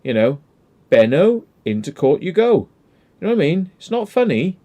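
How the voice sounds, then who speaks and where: A man's voice: a little high, sing-song, normal speed, mellow. A man, hosting a casual commentary chat, blunt and emphatic with heavy swearing. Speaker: channel host.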